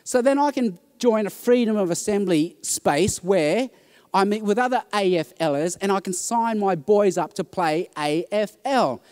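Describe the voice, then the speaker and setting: A man giving a conference talk, telling stories with animated quoted voices. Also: sits high, measured pace, clean tone. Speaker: conference speaker. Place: conference hall.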